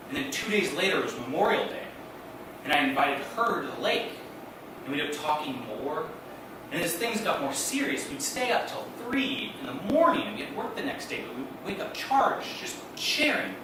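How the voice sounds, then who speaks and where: A man around thirty telling a comic personal story on stage, acting out voices and laughing through his lines. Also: a little high. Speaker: solo storyteller. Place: theater stage. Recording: echoey stage from a distant mic with noise.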